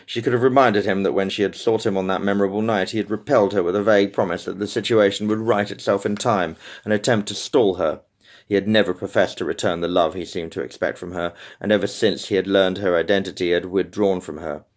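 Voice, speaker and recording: A man giving an unedited audiobook reading of a romance novel, steady, with small slips and restarts. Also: low-pitched, fast. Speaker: audiobook reader.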